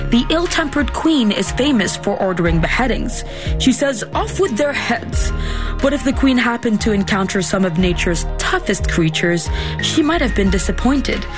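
A woman presenting a scripted radio quiz segment in a playful, read-out manner. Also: mid-range voice. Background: music.

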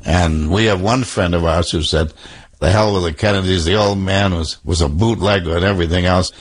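A man's voice: sits low, steady tone, brisk. An older man with a Boston accent, telling a folksy anecdote in an interview. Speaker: interviewee, reporter's uncle. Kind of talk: storytelling.

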